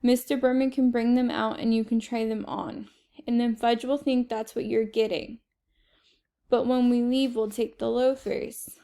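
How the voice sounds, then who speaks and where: A woman's voice: fairly high pitch, little pitch movement, unhurried, dark tone. A woman reading aloud and voicing a fussy, worried mother who frets and insists. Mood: scheming. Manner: fretful, insistent.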